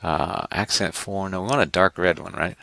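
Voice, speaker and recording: A man instructing an online class through a screen-recorded software tutorial, rambling and correcting himself with joking asides to his students. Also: deep voice, moderate pace, creaky, no echo.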